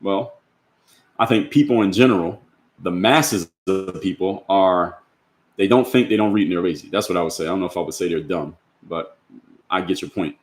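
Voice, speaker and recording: A low-voiced man at a moderate pace hosts an opinionated livestream, taking chat comments and responding bluntly with rhetorical questions. There's a roomy quality to the sound.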